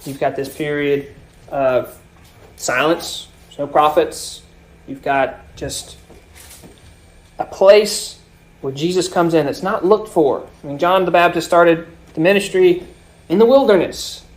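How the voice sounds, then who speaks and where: A man's voice: a little high, takes it slowly. Preaching man with dynamic swells. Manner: explanatory preaching, dynamic swells and drops in loudness. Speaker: pastor. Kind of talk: sermon.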